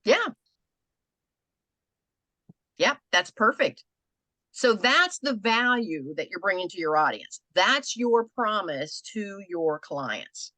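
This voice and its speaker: Lively older American coach woman. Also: mid-range voice, slow, dry recording. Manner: conversational, animated, acts out quoted people. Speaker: business coach. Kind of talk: coaching a group online.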